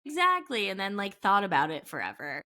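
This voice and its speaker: A middle-aged woman co-hosts a podcast in easy, casual conversation. She tells stories in a rambling way, full of asides and side notes. Her pitch sits in the ordinary middle range for a woman. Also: wildly swooping pitch, brisk, pushed and bright. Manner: chatty storyteller, rambling with many asides. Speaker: podcast co-host. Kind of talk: casual chat.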